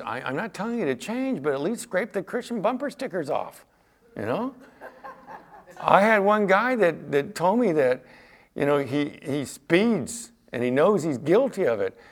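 A middle-aged man preaches in a loose, conversational way, full of "you know" and small restarts. His voice sits in an ordinary middle register. He acts out quoted dialogue from his anecdotes as he goes. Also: medium pitch. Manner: chatty storyteller, acts out quoted exchanges, fillers like "you know". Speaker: pastor.

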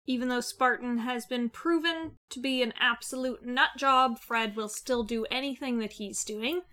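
A woman co-hosting a casual podcast recap, her voice sitting a bit high with a bright, forward edge. She stays blunt and wry, dropping in cheeky swear words. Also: normal speed. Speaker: podcast co-host. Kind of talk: casual chat recapping a cartoon episode.

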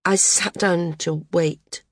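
A proud young woman flyer, half awake and stammering, turns cool in conversation, voiced by a woman. The voice is low-ish and husky. It is recorded dry and close for an audiobook. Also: normal speed, no echo. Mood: groggy.

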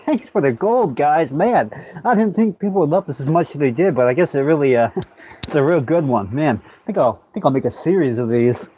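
A man's voice: fairly high pitch, lively intonation, a little fast, mellow, a little hiss or hum. A young man performing a comedy sketch monologue as a forum user, mock-earnest and rambling with lots of fillers. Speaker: comedian playing forum users. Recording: slightly dull, dry recording.

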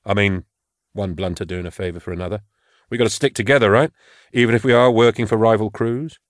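Guy reading as a chill sarcastic hired killer, deep lazy drawl, dry sound. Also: steady tone, fast talker, no echo, lightly acted. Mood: easygoing. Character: cool-headed male bounty killer, laconic and wry.

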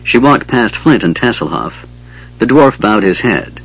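A man narrates a fantasy audiobook in a measured, dramatic way. His voice is low and husky, and the recording sounds dull and lo-fi. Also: sing-song, a bit bright.

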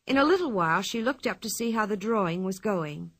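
A woman reading a children's story aloud with an expressive, clear delivery. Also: mid-range voice, a little fast, no echo. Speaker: narrator.

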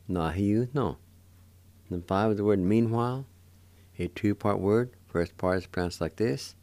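An older man from Cherokee Nation, Oklahoma, hosts a radio lesson teaching Cherokee words, speaking slowly in a deep, warm voice. He is patient, spelling words out and repeating each syllable, with no echo on the recording.

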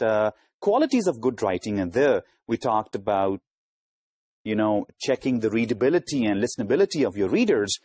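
A middle-aged man with a Pakistani English accent gives a recorded grammar lecture, explaining step by step, repeating points and filling pauses with "you know". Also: medium pitch, a little mellow, husky, no room sound. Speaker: university lecturer.

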